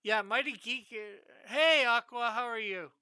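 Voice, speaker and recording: A woman's voice: a little high, unhurried, sharp tone, clean tone, dry recording. A woman hosting a live drawing stream, chatting in a meandering, giggly way. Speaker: stream host and comic artist. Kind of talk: casual live-stream chat.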